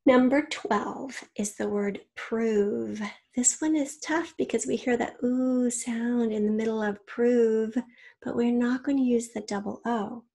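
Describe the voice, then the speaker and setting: Slow, husky teacher dictating a spelling test. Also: female voice, a little high, fairly even intonation, a little mellow. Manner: slow, careful dictation with example sentences. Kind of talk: recorded spelling test for children.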